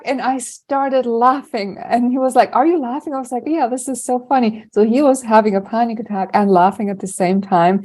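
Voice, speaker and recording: Lively, laughing woman coach. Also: a little high, fast, few pauses. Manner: lively, humorous, laughs while telling stories. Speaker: anxiety coach, podcast co-host. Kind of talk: casual podcast conversation.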